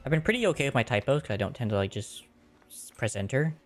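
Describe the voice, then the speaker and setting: A man's voice: medium pitch, sing-song, fast talker. A man streaming a game and chatting casually with viewers in a rambling, easygoing way. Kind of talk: casual chat while gaming.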